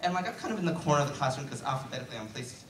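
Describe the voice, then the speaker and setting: Rapid-fire and lively in intonation, a late-teen male student with a mid-range voice does chatty, self-deprecating stand-up loaded with fillers in a school auditorium. He uses a handheld mic on a stand, heard from a distance in an echoey hall with a noisy background and loud crowd laughter.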